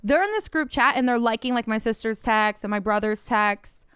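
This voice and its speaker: A young woman co-hosting a podcast, telling a long story in casual chat, animated, swearing often and filling her talk with "like". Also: on the high side, normal speed, clean tone, no room sound, clean studio sound. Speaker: podcast co-host.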